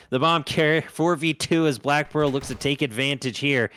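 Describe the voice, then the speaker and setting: A man's voice: on the high side, normal speed, fairly bright tone, slight background noise. A man doing play-by-play commentary on an esports match, jokey and punning, laughing often. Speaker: esports caster.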